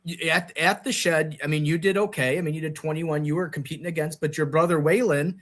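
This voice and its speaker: A man's voice: fairly high pitch, steady tone, a little fast, a bit bright. A man hosting a casual live stream chat, rambling with many restarts and fillers. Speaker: host.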